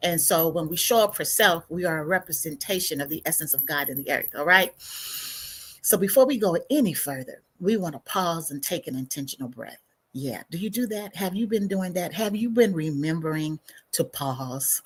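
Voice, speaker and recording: Husky-voiced woman hosting a reflective livestream. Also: low-pitched, lively intonation. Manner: unhurried and reflective, with soft drops and sighs. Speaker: counselor and show host. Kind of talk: spiritual livestream talk.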